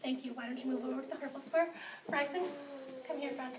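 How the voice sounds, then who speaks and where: A woman teacher leading a morning meeting in a classroom, speaking gently and patiently and praising children by name. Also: high-pitched, steady tone, fast talker. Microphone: far camera. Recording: roomy, distant with background noise.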